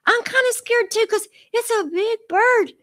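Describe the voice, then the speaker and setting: Lady putting on a squeaky little princess girl, jittery and gushy, kids radio show. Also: lively intonation, slow pace, full character voice. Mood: frightened. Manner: breathless and gushing, squeals with emotion. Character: timid, excitable young princess girl. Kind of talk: children's radio show role-play.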